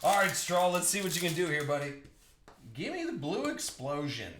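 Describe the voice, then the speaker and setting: A man's voice: a little high, big pitch swings, moderate pace, fairly bright tone, reverberant, a little hiss or hum. A young man hosting a live card break, joking and riffing with viewers by name as he opens packs.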